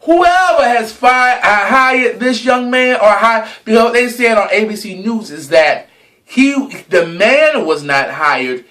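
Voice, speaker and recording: A man's voice: high-pitched, lively intonation, takes it slowly, pushed and bright. A young man in a casual gossip vlog, sassy and dramatic, swearing freely and stretching words for emphasis. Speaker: vlogger.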